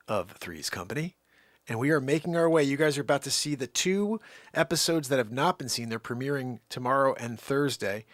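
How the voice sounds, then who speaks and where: A man's voice: medium pitch, lively intonation, fairly quick, fairly bright tone, dry recording, studio quality. A man hosting his own comedy show, chatting casually and rambling cheerfully. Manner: rambling, upbeat, laughing. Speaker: host. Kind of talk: casual chat.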